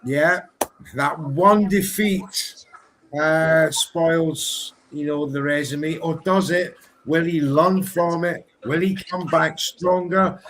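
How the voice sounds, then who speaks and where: A man from Britain co-hosting a live boxing watchalong, excitable and energetic in his play-by-play. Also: fairly high pitch, slow pace, a little hiss or hum. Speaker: co-host.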